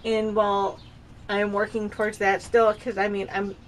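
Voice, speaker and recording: A woman in her thirties chats into her camera at home in a loose, confessional vlog. She wanders from thought to thought, restarting sentences as she goes, and her pitch sits in an ordinary middle range. A faint hum of the room hangs behind her. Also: level tone, normal speed. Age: 30s. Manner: rambling and confessional, with frequent restarts. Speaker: vlogger. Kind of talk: casual personal vlog. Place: home with dogs nearby.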